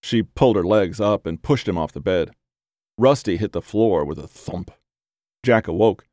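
A man narrating a story in a steady, measured reading voice. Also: low-pitched, no echo, studio quality.

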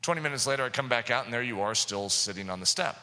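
A man preaching a sermon, impassioned, with sudden loud outbursts, recorded in an echoey hall. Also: mid-range voice, lively intonation, quick pace.

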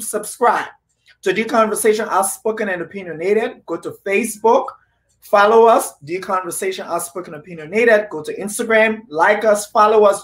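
A man's voice: sits high, fairly bright tone. A man hosting a casual interview podcast, making earnest and repetitive appeals to his listeners. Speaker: podcast host.

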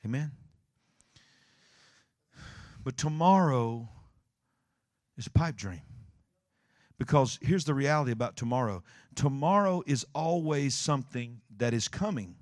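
A male pastor preaching a sermon, telling a story with dramatic swings from hushed to shouting. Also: mid-range voice, moderate pace, no room sound, studio quality. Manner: animated storytelling, acting out scenes, swinging from quiet to shouting.

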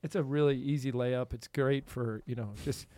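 A man hosting a podcast in casual chat, animated and laughing often. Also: mid-range voice, normal speed, no room sound. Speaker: podcast host.

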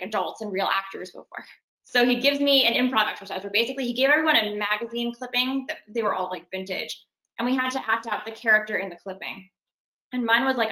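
A woman's voice: on the high side, sharp tone, roomy sound, low-quality recording. A young adult woman, an actress and singer, chatting animatedly in an interview and laughing now and then. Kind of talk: casual interview.

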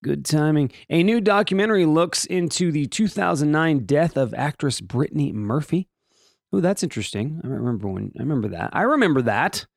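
A man's voice: a little high, expressive, brisk, vocal fry, dry recording, clean studio sound. A man hosting a casual solo daily podcast, rambling and joking through the day's items with many restarts and asides. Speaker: podcast host.

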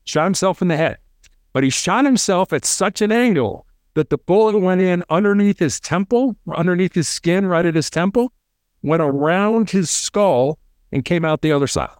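With a high, clear, resonant voice at normal speed, a middle-aged man recounts stories from his hostage negotiation past in an interview. The recording is dry and clean studio sound. He delivers them animatedly, acting out quoted voices and repeating words.

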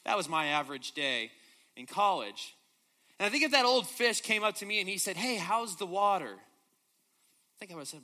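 A man's voice: high voice, expressive, moderate pace, pauses often, pushed and bright. A young man preaching a sermon, telling a story and asking the crowd rhetorical questions.

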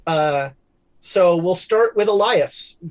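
A game master narrates a tabletop horror game. He rambles loosely, with many fillers, restarts and trailing pauses. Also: mid-range voice, expressive, low-quality recording.

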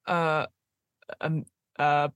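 A woman's voice: deep voice, flat delivery, drawn-out words, a bit bright, smooth, dry recording. A woman, a podcast co-host, cutting in with short encouraging replies in casual chat.

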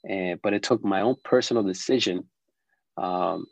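Middle-aged male interview guest, low voice, dry close sound, reflective and halting delivery. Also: gravelly, no echo, lo-fi sound. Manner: reflective, halting, with frequent restarts and fillers. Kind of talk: personal storytelling in an interview.

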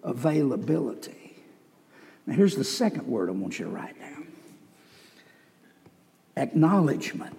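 A man's voice: medium pitch, big pitch swings, a little slow, vocal fry, long pauses, warm tone. A man preaching a sermon as pastor, telling folksy stories with joking asides. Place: church sanctuary. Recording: reverberant church hall.

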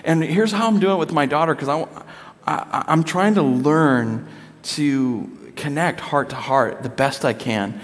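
With a slightly high voice and an unhurried delivery, a man in his thirties preaches a conversational sermon. He uses playful voices to act out quotes, and a long hall reverb surrounds him.

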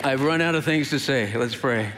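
A man's voice: medium pitch, moderate pace, music in the background, crowd noise. A man from the American Midwest preaching in storytelling style, laughing and acting out the people in his anecdote. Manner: animated, laughing storyteller who acts out voices. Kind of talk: storytelling sermon.

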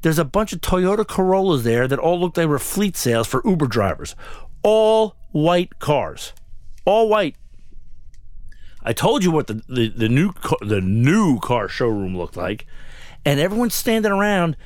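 A man telling a personal story in an animated, indignant rant, swearing freely. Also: on the high side, moderate pace, no echo, studio quality. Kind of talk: comic ranting anecdote.

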